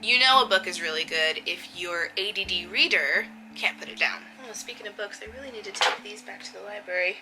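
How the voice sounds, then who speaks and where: A woman's voice: mid-range voice, a little fast, hardly any pauses, over music, low-quality recording. A young woman vlogging in a casual chat to camera, talking chattily and laughing often.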